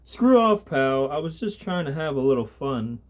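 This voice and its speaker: A man's voice: a little high, very animated, moderate pace, voice pushed up. A man voicing a crude, cocky young street thug in a storybook reading. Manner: sneering, brash tough-guy talk.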